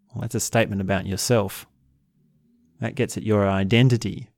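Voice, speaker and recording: A man teaching in a slow, reflective way, often repeating short example phrases. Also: fairly low pitch, fairly even intonation, a little mellow, no echo, studio quality. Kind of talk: spoken teaching talk.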